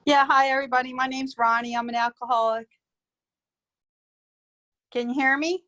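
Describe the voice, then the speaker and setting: Woman from Philly, a bit high-voiced, earnest and lively, sharing her story over a video call. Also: normal speed. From Philadelphia, US. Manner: earnest, animated, jumps high in pitch when exclaiming. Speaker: recovery meeting member. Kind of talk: personal sharing at an online recovery meeting.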